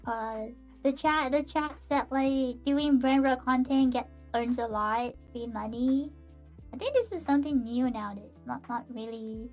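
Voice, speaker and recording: High, slow-talking podcast guest. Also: faint music behind. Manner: hesitant, halting, quick laughs. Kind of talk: casual streamed chat.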